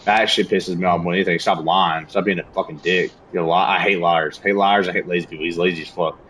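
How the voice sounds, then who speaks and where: Young male streamer, quick-talking and profane, casual venting chat. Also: sits low, slight background noise. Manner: profane, animated venting about a coworker. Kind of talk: casual chat while gaming.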